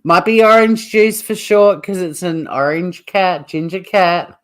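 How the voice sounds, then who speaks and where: A woman's voice: on the low side, fairly even intonation, unhurried. An Australian woman hosting a livestream, giving chatty, blunt commentary with laughing asides. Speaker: livestream host. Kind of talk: casual live commentary.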